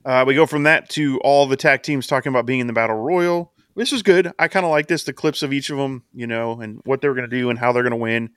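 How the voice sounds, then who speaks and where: Guy recapping on a podcast, smooth clear voice, dead dry sound. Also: medium pitch, fast talker, hardly any pauses, a bit bright, no room sound. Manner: chatty recap, laughing at bits, acting out quotes. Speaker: podcast co-host. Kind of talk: casual wrestling podcast recap.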